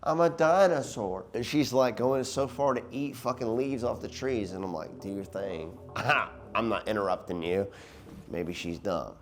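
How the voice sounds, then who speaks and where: A man's voice: fairly low pitch, fairly even intonation, moderate pace. A man in his thirties, a rowdy guest telling profane stories in casual chat. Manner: rowdy, profane, laughing storyteller.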